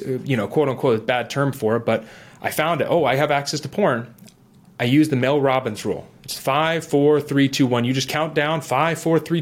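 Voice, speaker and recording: A middle-aged man earnestly telling his own recovery story in a talk, animated and acting out his inner voice. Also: medium pitch, breathy edge. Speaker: guest sharing recovery story. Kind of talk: earnest personal testimony.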